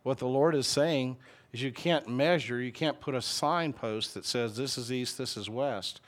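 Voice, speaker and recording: At an ordinary speed and in a mid-range voice, a middle-aged pastor from the US South preaches a folksy, conversational sermon while asking questions of the congregation.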